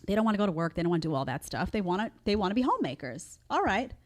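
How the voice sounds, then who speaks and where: A woman's voice: mid-range voice, big pitch swings, racing. A middle-aged woman hosting her own opinion show, talking in an emphatic way with lots of rhetorical questions. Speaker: show host. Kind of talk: opinion commentary.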